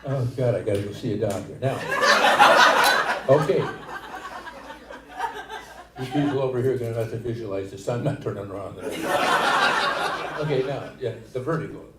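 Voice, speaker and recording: An older man performing a stand-up comedy set in a small venue, with a rambling, halting delivery full of asides. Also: medium pitch, heavy background noise. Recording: echoey room, distant mic, loud ambience. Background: audience laughter.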